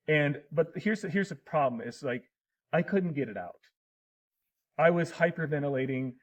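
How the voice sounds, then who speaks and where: A man's voice: fairly high pitch, lively intonation, moderate pace, low-quality recording. A middle-aged man in casual conversation as a podcast guest, telling personal stories in an earnest, emotional way.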